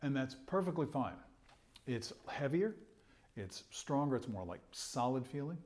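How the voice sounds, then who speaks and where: A man at an ordinary pitch talks through a music lesson as a trumpet teacher. He explains patiently and sings rhythms aloud on nonsense syllables. He chuckles between points. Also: sing-song, a little slow, a little mellow.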